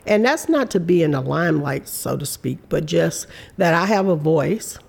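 A woman's voice: low-pitched, expressive, normal speed, vocal fry, breathy edge. A woman in her fifties, a guest in an interview, telling her story in an earnest, candid way. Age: 50s. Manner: warm, earnest storytelling with reported speech.

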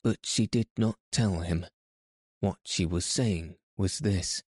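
A man reading a classic story aloud in a measured, scripted narration. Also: deep voice, darkish tone, slightly rough, no room sound, studio quality. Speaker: audiobook narrator.

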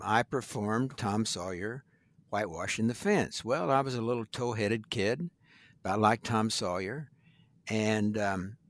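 An older man from Missouri, a guest attorney, telling stories in a folksy, unhurried way in an interview. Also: mid-range voice, no echo. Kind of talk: storytelling in an interview.

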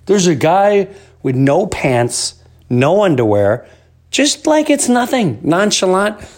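A man in his fifties hosting a podcast, telling a rambling story in a casual monologue that jumps into loud disbelief. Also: high-pitched, sing-song, takes it slowly. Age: 50s. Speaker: podcast host.

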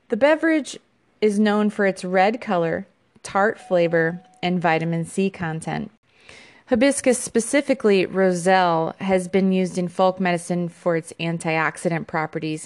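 A woman with a somewhat low voice hosts an informational podcast, reading her segment from notes with small fillers and restarts along the way.

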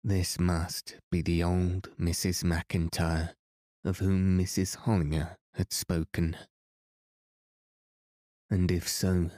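A man narrating a classic novel as a calm sleep story podcast reading. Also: low-pitched, no echo, clean studio sound. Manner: slow, calm and even. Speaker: podcast host and reader.

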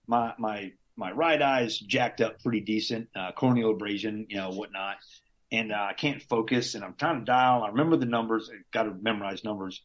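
A man's voice: fairly low pitch, a little fast. A man who is an army veteran, casually telling his story as a guest in an easygoing, slangy way, with the odd curse and chuckle. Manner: laid-back, slangy, drops in curses and chuckles.

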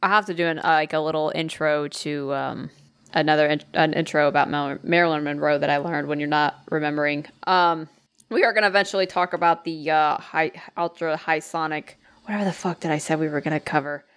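A woman's voice: deep voice, fairly even intonation, fairly quick, a bit bright, clean tone. A woman co-hosting a casual podcast, rambling and swearing freely with frequent laughs and restarts. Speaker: podcast co-host. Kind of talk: casual chat.

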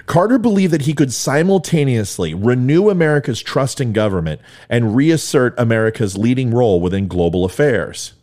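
Male commentary host, middle-aged, heated and mocking, lively pitch. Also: normal speed, few pauses. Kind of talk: ranting political commentary.

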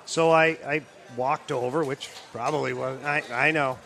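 A man's voice: mid-range voice, fairly even intonation, moderate pace, creaky, fairly bright tone. A middle-aged man, a former hockey player, telling a story in casual chat, laughing, swearing and acting out quotes. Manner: laughing, profane, acts out quotes.

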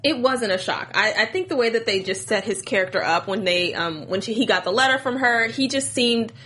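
A woman's voice: a little high, animated, brisk, sharp tone. A woman from Texas in a casual TV show chat, enthusiastic and giggly.

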